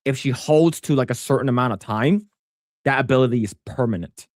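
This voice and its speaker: A man co-hosting a casual podcast chat who rambles with many restarts and stammers and gets animated when pressing a point. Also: medium pitch, a little fast, no echo, studio quality. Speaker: podcast co-host.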